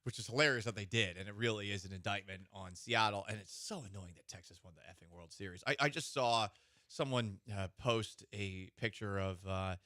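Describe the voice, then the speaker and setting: A man's voice: fairly low pitch, brisk, bright, forceful tone, dry recording, studio quality. A man co-hosting a sports radio show, chatting casually and ranting animatedly about baseball.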